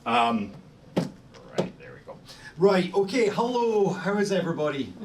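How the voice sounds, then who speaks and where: A man's voice: fairly high pitch, wildly swooping pitch, a little slow, gravelly. A man with a Scottish accent giving a history lecture to a group, self-deprecating, with lots of ums and restarts. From Scotland. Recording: distant mic in a room with faint noise.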